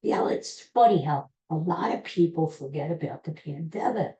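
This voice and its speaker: A man's voice: on the high side, animated, moderate pace, warm tone. A middle-aged man hosting a podcast, telling a rambling, self-deprecating story in a casual monologue. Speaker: podcast host. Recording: roomy echo.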